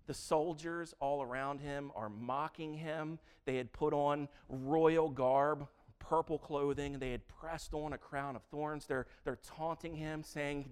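Male pastor, casual and animated sermon delivery, light tenor voice. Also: on the high side, measured pace, clear, resonant tone. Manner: animated, conversational preaching with frequent restarts.

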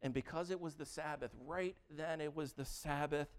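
A man preaching a sermon in a conversational, animated way, often restarting his sentences. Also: on the high side, normal speed, smooth. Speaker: pastor.

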